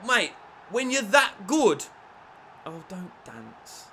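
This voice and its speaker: A man commentating on his own football video game play, shifting between low muttering and shouted excitement. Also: very slow, slight background noise. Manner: lively, swings from low mutters to shouted celebrations. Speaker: gaming YouTuber.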